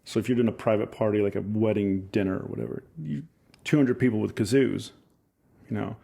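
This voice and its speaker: A man's voice: on the low side, brisk, gravelly, warm tone, slightly rough. A musician man talking casually as a podcast guest, easygoing and self-deprecating, often restarting his phrases.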